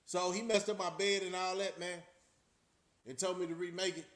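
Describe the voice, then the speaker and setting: A middle-aged man with a notably high speaking voice, recounting his past in a loose, streetwise way. He swears freely and keeps turning to his viewers. His talk is casual and unscripted. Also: level tone, normal speed, fairly bright tone. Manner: streetwise, profane, talks straight to the audience. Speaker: channel host.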